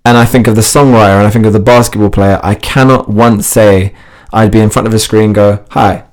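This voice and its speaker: A man who hosts a fitness TV show, chatting as a podcast guest and telling lively stories with frequent laughs. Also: on the low side, fast. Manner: animated storytelling, laughs often, restarts sentences. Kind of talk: casual interview chat.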